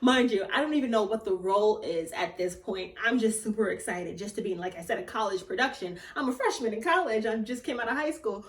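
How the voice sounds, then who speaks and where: A young woman, a theatre actor, telling a personal story in a casual vlog, animated and often laughing or squealing with excitement. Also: medium pitch, quick pace, hardly any pauses. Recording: echoey room, voice a bit far from the mic.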